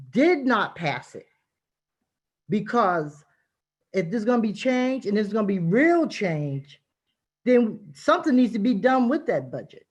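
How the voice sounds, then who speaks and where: A woman's voice: mid-range voice, lo-fi sound. A middle-aged woman, a community activist giving impassioned, emphatic testimony at a city hearing over a video call. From Boston, Massachusetts.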